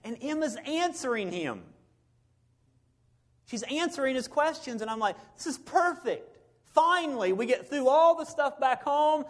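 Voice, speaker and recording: A middle-aged man, a preacher, telling a personal story in a sermon, swinging between loud bursts and hushed moments. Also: very high voice, lively intonation, a little slow.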